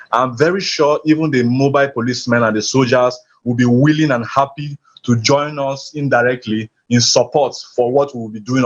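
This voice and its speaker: Man, rousing rally speech, mid pitch, muffled video call sound. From Nigeria. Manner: rousing, emphatic, slogan-driven. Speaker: protest speaker. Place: hospital. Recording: muffled online call audio.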